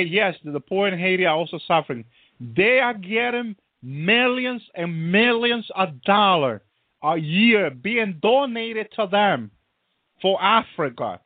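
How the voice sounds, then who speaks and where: A man's voice: sits high, dry recording. A man preaching, punctuating nearly every phrase with hallelujah and praise Jesus, repeating himself as he goes. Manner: constant hallelujahs and praise interjections, repetitive. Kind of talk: preaching sermon. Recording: tinny phone-like line, dry.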